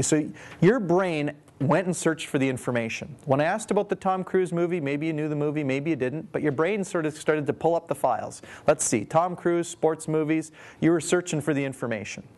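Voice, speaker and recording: A man's voice: on the high side, darkish tone. A man teaching communication skills in a training lecture, demonstrating vocal techniques and quizzing his audience. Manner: demonstrative, poses questions to the audience; shifts his voice to show each tonality.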